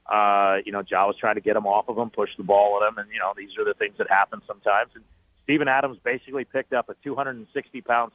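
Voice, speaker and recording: A man, a team's play-by-play broadcaster, telling animated stories as a guest on sports talk radio, with many fillers and restarts. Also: lowish voice. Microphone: phoning in. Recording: tinny phone line.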